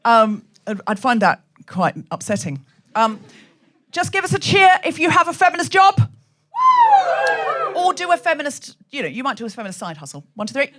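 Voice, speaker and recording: Lively woman doing live stand-up. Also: high-pitched, normal speed, slight background noise. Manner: animated, chatty, laughing asides to the audience. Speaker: comedy podcast host. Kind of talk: live stand-up comedy monologue. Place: comedy venue stage with a live audience.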